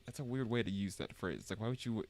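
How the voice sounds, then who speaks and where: A man's voice: on the low side, animated, fast, a little mellow. A man on a live stream reading game dialogue aloud and commenting on it wryly, often stumbling and correcting himself.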